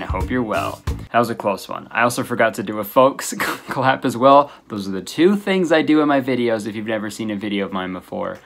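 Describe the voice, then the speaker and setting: A man's voice: on the low side, lively intonation, a little fast, a bit bright, soft background music. A man in his twenties doing a sarcastic comedic commentary vlog, often jumping into silly voices, recorded close to the mic. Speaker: YouTube comedian.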